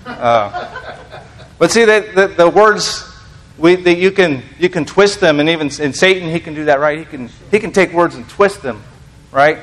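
A man's voice: on the high side, normal speed, fairly bright tone, a little hiss or hum. Rambling American man giving a church talk. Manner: rambling, self-deprecating, many fillers and restarts. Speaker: lay preacher. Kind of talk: informal sermon.

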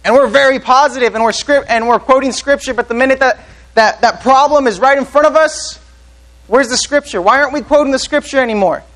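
High-voiced man preaching a sermon. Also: brisk, a bit bright, low-quality recording. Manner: earnest preaching, asks the congregation questions. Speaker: pastor.

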